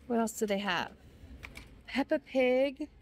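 A woman's voice: a little high, takes it slowly, a little hiss or hum. Gushing young woman shopping vlogger. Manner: gushing, gasping with delight. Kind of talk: store walk-through vlog. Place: inside a large retail store.

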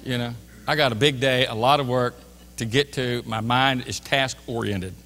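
A man's voice: medium pitch, fairly even intonation, moderate pace, a bit bright. A man preaching a sermon as a pastor, telling a story animatedly and acting out both sides of a store exchange. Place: church sanctuary. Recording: church hall reverb.

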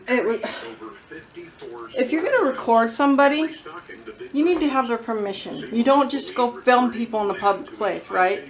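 A woman filming herself at home, telling a story-time vlog in a chatty, animated, blunt way. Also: on the high side. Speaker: vlogger. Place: at home with her cats. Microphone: own phone or camera, self-filmed.

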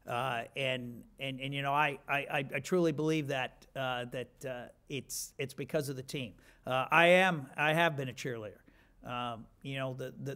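A man's voice: fairly high pitch, a bit bright. A man in his fifties giving a rambling, self-deprecating acceptance speech with many restarts.

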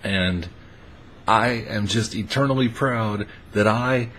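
A man casually telling a funny personal story, relaxed and amused, with frequent fillers. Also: fairly low pitch, slow pace, a little hiss or hum. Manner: laid-back and amused, lots of "uh" fillers.

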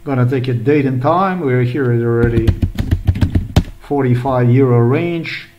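A vlogger narrates a screen recording in a rambling, agitated manner, with a mid-range pitch and a measured pace. He repeats words and curses often. The recording is muffled, with a noisy background.

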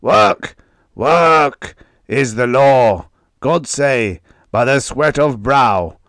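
A man's voice: mid-range voice, animated, very slow, no echo, clean studio sound, voice pushed up, exaggerated voice. A man doing a harsh snarling cadaverous zealot. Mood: fanatical shouting. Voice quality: harsh and sharp. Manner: shouting, broken archaic speech. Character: cadaverous snarling male factory fanatic.

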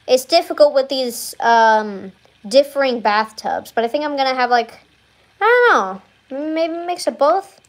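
Young woman streamer rambling thru a game tour, giggly, kinda high voice. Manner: rambling, giggly, many fillers and restarts. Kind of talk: casual game tour chat.

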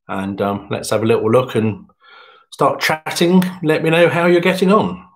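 A man from England hosts an online pub quiz, chatting and joking as he reads the answers at a moderate pace. His pitch moves around a lot and shoots up for announcements.

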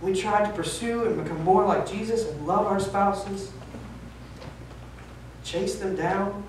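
A man's voice: high-pitched, a little slow. A pastor in his thirties preaching with candid, emphatic, self-deprecating honesty. His voice rings around a large, echoey church space. He sounds picked up from some distance, with faint room hiss underneath. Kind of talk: sermon. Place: church sanctuary.

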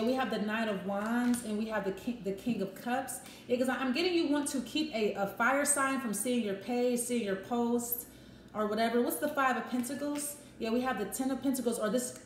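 A woman doing a casual tarot reading, thinking aloud and acting out short quoted voices. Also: fairly high pitch. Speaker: tarot reader. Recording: echoey room with faint noise.

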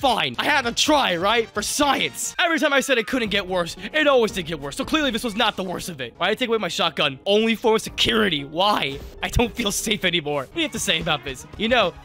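An excitable man talks through a video game in a high, bright voice. His pitch jumps around a lot as he jokes and yelps at the scares. Faint music plays behind him. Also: fast, few pauses. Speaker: gaming YouTuber. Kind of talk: let's play commentary.

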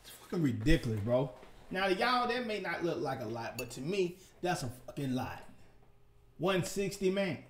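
A young man, ranting loudly and profanely in a casual gaming vlog. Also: fairly high pitch, moderate pace. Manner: animated, profane ranting with sudden loud outbursts. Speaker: gaming vlogger.

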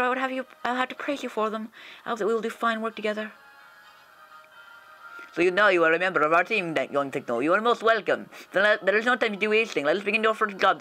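A stiff, formal male officer with a thick mock-Russian accent, as a gamer puts him on, pitched a bit above his usual voice. The tone is bright and clipped, with faint game music underneath. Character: stern male officer reading game dialogue.

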